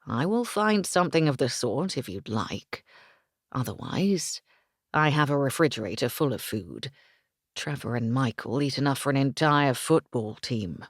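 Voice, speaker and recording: A woman's voice: rumbling low, animated, normal speed, dry recording, clean studio sound, exaggerated voice. Woman doing a teasing British man.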